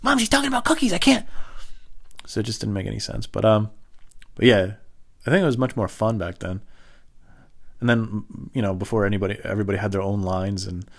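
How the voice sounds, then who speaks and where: A man telling rambling comic stories in a casual monologue, often slipping into high voices for the people in them. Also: steady tone, brisk, creaky. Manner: rambling, acts out high-voiced phone characters.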